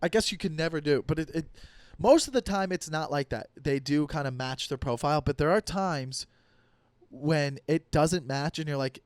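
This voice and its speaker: A young man hosting a comedy podcast, ranting profanely about dating apps and acting out quick quoted voices. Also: a little high, animated, clean tone, no echo, clean studio sound. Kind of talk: solo comedic podcast rant.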